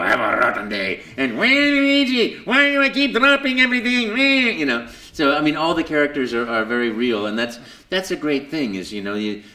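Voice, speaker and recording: A man being interviewed at a convention, telling his story with lots of fillers and jumping into high put-on voices for quotes. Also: a bit bright, reverberant. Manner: lots of fillers and repeated words. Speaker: voice actor guest. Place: convention hall.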